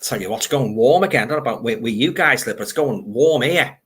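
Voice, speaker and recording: A man's voice: medium pitch, lively intonation, fast talker, a bit bright, breathy edge. An older man with a Liverpool accent hosting a casual livestream, reading out viewer comments and rambling about films. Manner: rambling, reads viewer comments aloud, grumbles. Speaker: livestream host.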